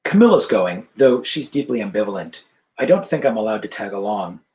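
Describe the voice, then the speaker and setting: A man's voice: on the low side, very animated, fairly quick, a little mellow. A man reading as a wry newly rich man. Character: wealthy man, new money, wry. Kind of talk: author reading his fiction aloud. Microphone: video call.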